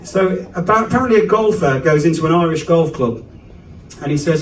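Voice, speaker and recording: A man's voice: a little high, a little fast, a little hiss or hum. A male stand-up comedian telling a rambling family story on a club stage, chatty and self-interrupting. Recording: echoey club room from a distance.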